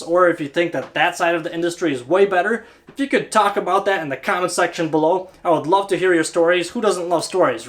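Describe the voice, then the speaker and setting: This channel host, an HVAC tech, has a high-pitched, slightly bright voice as he chats informally to camera. He keeps looping listeners in with a frequent "right?"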